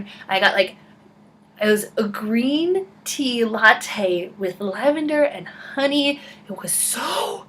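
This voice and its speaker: A young woman vlogging, telling a rambling, excitable story full of "like" in a casual chat. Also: fairly high pitch. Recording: voice a bit far from the mic, faint background noise.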